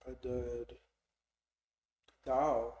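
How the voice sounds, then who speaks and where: A young man tells a long story on a podcast in a relaxed chatty way. He acts out the people he quotes and gets louder when he does. His voice sits at a middle pitch, and it carries a roomy echo. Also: extremely slow, slight background noise. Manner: animated storyteller, mimics people loudly in quotes. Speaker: podcast host. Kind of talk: casual storytelling chat. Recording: echoey room.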